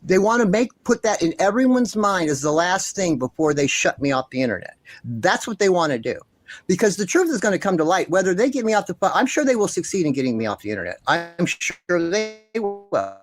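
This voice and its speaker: A man hosts a ranting commentary vlog, speaking with heated, indignant passion and liberal swearing. His voice swings widely in pitch as he hammers the same points again and again. The sound is dry and close, with no room echo. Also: very animated, fairly quick. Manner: repeats himself insistently. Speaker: commentary channel host.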